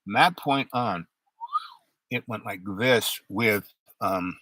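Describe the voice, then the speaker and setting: An older man hosting his own talk show, talking in a rambling, halting way with many fillers. His voice sounds unusual because of an old throat injury. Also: on the low side, pushed and bright, dry recording, rough recording. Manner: halting, many fillers and restarts, stutters under strain. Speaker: show host. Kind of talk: rambling monologue.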